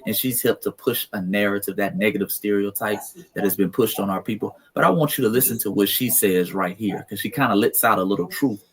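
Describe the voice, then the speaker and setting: A man's voice: fairly low pitch, a little fast. A man hosting a commentary podcast, preachy and emphatic, speaking straight to his audience. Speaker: host.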